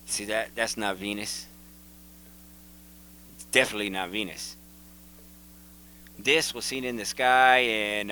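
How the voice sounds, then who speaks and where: Man, video host, casual commentary, excitable, repetitive, lowish voice. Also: rough recording. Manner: excitable, repetitive, pointing things out. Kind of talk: casual commentary over photos.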